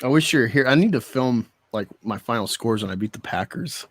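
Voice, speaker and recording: A man's voice: medium pitch, expressive, brisk, no echo, clean studio sound. A man chatting casually on a podcast, giggling often and talking with lots of energy. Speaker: podcast co-host.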